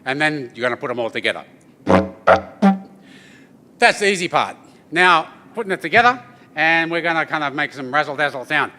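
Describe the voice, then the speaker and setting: Man, performer, brightish higher voice, playful crowd banter. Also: fairly quick, long pauses, faint music behind. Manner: lively, joking, addresses the crowd with "yeah?" tags. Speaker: didgeridoo performer. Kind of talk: storytelling performance to an audience. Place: event venue with an audience.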